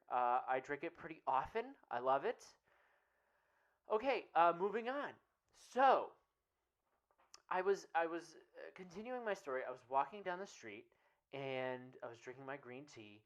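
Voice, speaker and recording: An earnest, rambling morning-radio self-help guru, played by a woman. He speaks in a lowish voice with a lively, swooping delivery. He keeps looping back with "right?" in a comic radio monologue. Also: moderate pace, muffled recording. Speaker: radio show host. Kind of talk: comedic parody radio monologue.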